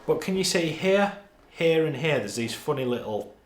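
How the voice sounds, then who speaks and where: Northern English guitar teacher, roomy sound. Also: male voice, on the high side, expressive, normal speed. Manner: talks through parts while playing, counting beats aloud. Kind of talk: guitar lesson.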